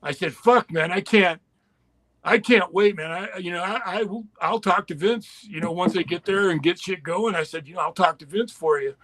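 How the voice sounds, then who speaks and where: Older guy, raunchy storyteller, high voice, swears a lot, laughs through it. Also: moderate pace, fairly bright tone, no room sound. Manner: profane, laughing, acts out voices in stories. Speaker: guest storyteller. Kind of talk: crude casual storytelling.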